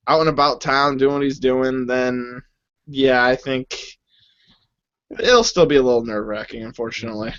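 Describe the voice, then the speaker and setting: Easygoing man co-hosting, fairly high voice. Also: a bit bright, dry recording. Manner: easygoing, joking, drawn-out phrasing. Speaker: podcast co-host. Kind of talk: casual chat. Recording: dull lo-fi audio.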